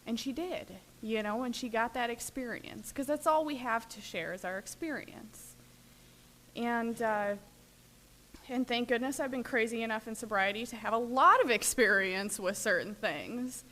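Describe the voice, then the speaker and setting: A woman's voice: a little high, moderate pace, pushed and bright, slight background noise. A woman from Minnesota speaking at a recovery workshop, telling stories in a chatty way full of fillers. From Minnesota, USA. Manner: chatty storyteller, many fillers. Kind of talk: recovery talk, personal sharing.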